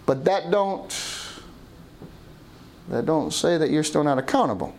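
Middle-aged pastor guy preaching, high voice, keeps asking amen, faint room noise behind. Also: expressive, unhurried, pauses often, a little mellow. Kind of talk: sermon.

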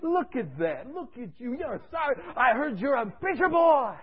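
A man voicing a belligerent injured male patient who yells insults at everyone around him. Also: very high voice, big pitch swings, normal speed, slightly rough, dull audio, exaggerated voice. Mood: taunting. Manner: yelling, taunting.

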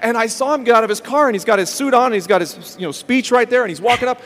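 Animated man telling a story in a reverberant hall. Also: very high-pitched, rapid-fire, few pauses. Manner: animated storyteller acting out quotes. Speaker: host. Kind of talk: storytelling in a ministry talk.

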